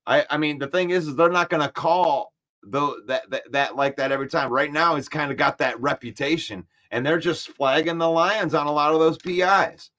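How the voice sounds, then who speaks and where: A man hosting a casual sports talk stream, animated and argumentative, repeating points for emphasis. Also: fairly high pitch. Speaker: sports show host. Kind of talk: casual live-stream chat, reading comments.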